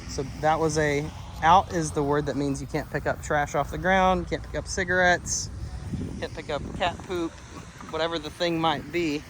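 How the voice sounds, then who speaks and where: A man working as a dog trainer outdoors beside a car. He gives an upbeat training demonstration and praises the dogs in a high sing-song voice. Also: slight background noise.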